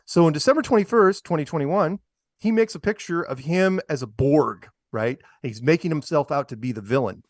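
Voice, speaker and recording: A man's voice: on the high side, animated, normal speed, no echo, studio quality. A man hosting a casual talk show, reading out news items and mocking them with sarcastic asides and chuckles. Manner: sarcastic, mocking, laughs at his own jokes. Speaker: podcast host. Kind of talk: casual chat show commentary.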